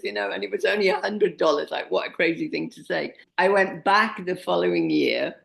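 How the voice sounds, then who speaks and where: A woman in her sixties telling animated anecdotes as an interview guest, often laughing at herself. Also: lowish voice, normal speed, creaky. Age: 60s. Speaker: interview guest, speaker and expedition leader. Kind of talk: casual interview storytelling.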